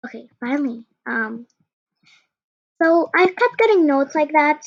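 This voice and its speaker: High-voiced teen girl telling a story. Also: very animated, unhurried, pauses often, no room sound, highs cut off. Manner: rambling, many "like" and restarts. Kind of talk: casual storytime.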